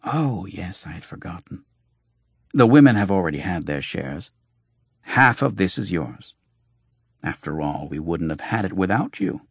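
A man's voice: low-pitched, big pitch swings, a little slow, husky, no echo, clean studio sound, exaggerated voice. A man reading as a sly fox-faced doctor. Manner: wry, mocking, flowing speech. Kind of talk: audiobook reading.

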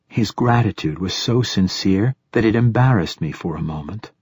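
A male audiobook narrator reads first-person fiction in a measured, steady way. His voice is deep with a husky, breathy grain, and the sound is dry and close, with no room around it. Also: dry recording.

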